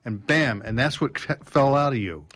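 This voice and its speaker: Animated man telling a story. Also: mid-range voice, moderate pace. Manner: animated, acts out quotes and sounds, many restarts. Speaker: guest. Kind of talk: storytelling in a podcast interview. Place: drum showroom.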